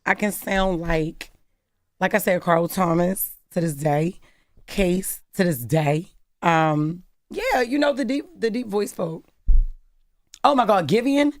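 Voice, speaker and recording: A woman from Maryland with a deep, raspy voice, co-hosting casual morning radio banter in a studio, animated and quick to laugh. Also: dry recording. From Maryland, USA. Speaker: radio co-host. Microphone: studio microphone.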